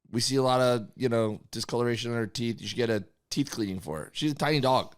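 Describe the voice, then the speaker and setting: Smooth-voiced man telling rambling stories. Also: medium pitch, fast talker, hardly any pauses. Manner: rambling storyteller, acts out conversations. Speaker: podcast co-host. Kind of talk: casual comedy chat.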